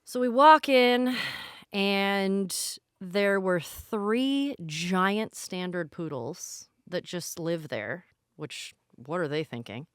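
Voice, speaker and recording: A woman's voice: medium pitch, takes it slowly, clean tone, no room sound, clean studio sound. A woman, co-hosting a podcast and telling a rambling, candid story with self-deprecating asides. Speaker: podcast co-host. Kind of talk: casual storytelling chat.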